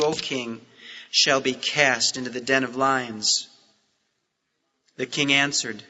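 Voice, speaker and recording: A man preaching a sermon and reading scripture, with emphatic swings in pitch and stress. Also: bright, forceful tone. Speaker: pastor. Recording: old sermon tape, long hall reverb.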